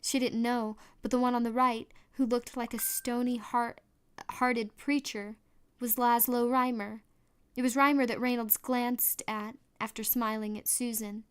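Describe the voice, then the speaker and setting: A woman reading a novel aloud as a storybook narration, steady, with small restarts now and then. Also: fairly high pitch, a little slow, clear, resonant tone. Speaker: audiobook reader.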